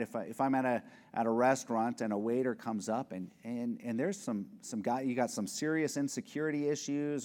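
A man delivers an expository sermon in a church sanctuary, his voice carrying a long reverb through the hall. He is earnest, at an ordinary middle pitch, and sometimes acts out small scenes before pressing a point with emphasis. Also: a little mellow. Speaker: pastor.

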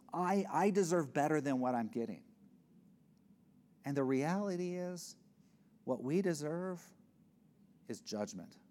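A man's voice: fairly high pitch, dark tone. A man preaching a sermon in an earnest, conversational way, often restarting his phrases. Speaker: pastor.

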